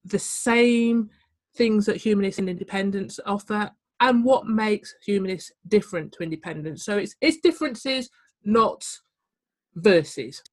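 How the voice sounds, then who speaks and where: A woman's voice: medium pitch, unhurried, no echo. Birmingham woman, podcast host, upbeat and talkative. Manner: lively, upbeat, chatty. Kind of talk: casual podcast interview.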